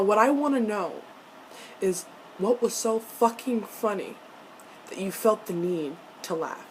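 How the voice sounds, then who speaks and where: Young woman gushing and cursing over her tv show, mid pitch, bit of hiss behind. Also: rough recording. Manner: excited, profane fangirl ranting, quick asides and laughs. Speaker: TV episode reviewer. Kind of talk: casual fan reaction vlog.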